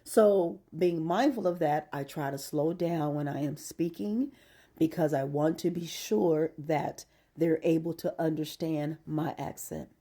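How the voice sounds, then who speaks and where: Woman, middle-aged, low-ish voice, casual vlog rant, emphatic, exasperated. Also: unhurried, warm tone. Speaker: vlogger. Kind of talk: casual ranting monologue.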